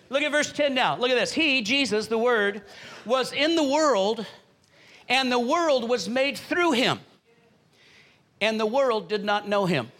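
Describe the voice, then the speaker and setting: A middle-aged male pastor delivering a fervent sermon in a very high, bright voice. He preaches rhythmically, repeats his phrases and keeps calling the congregation to answer.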